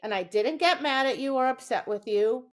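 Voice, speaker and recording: Woman dog trainer, podcast co-host, chatty explainer, slightly high voice. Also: expressive, moderate pace. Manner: explanatory, keeps checking in with "right?". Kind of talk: casual podcast chat.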